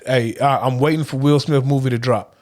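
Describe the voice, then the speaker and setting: A man's voice: medium pitch, brisk. Argumentative man in casual podcast chat. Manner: animated, argumentative, says "bro". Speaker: podcast co-host.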